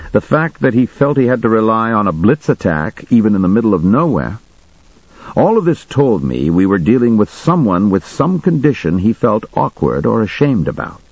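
Deep husky male audiobook narrator. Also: darkish tone, dry recording, rough recording. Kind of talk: first-person audiobook narration.

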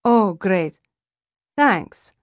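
A woman's voice: mid-range voice, expressive, very slow, dry recording, clean studio sound. A woman voicing a polite young housekeeper with a South American accent, read as part of an audiobook. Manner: polite, apologetic.

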